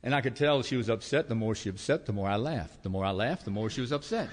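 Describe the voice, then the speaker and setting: A man preaching in a church, telling homespun stories with gentle humor. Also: mid-range voice, lively intonation, fast, few pauses, long reverb tail. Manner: folksy storytelling with humor. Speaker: pastor. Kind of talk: sermon. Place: church sanctuary.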